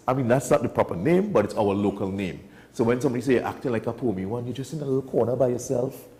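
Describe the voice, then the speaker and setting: Animated man telling stories. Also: medium pitch. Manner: animated storyteller, emphatic. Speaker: wildlife guest. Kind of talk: casual studio chat. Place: TV studio.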